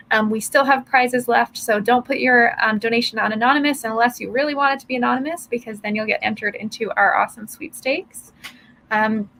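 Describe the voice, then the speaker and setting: Upbeat higher-voiced woman hosting. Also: gravelly, fairly bright tone, slight background noise, poor audio. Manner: upbeat, with frequent "um" fillers. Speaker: fundraiser stream co-host. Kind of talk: livestream hosting and interviewing.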